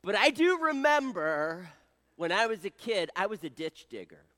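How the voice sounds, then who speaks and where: A middle-aged man telling a story in a sermon, folksy and joking. His voice is high and very lively, swooping up and down as he teases the congregation. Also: normal speed.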